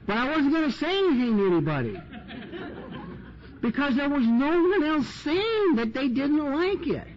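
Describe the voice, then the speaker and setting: High-voiced man telling recovery stories on old tape. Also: sing-song, moderate pace. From United States. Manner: chatty, says "you know" and "man" often. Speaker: AA speaker. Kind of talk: recovery talk storytelling. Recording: dull lo-fi 1990s tape with hiss.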